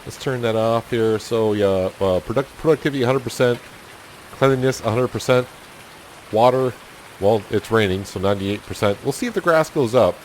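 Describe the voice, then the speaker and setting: A man hosting a casual let's-play, talking through his farm chores in an easygoing, self-deprecating way and thinking out loud. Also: medium pitch, normal speed, slight background noise. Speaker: gaming channel host.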